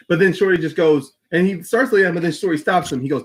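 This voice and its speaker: High-voiced man in casual chat. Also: quick pace, few pauses, husky. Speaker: co-host. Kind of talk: casual fantasy-booking chat.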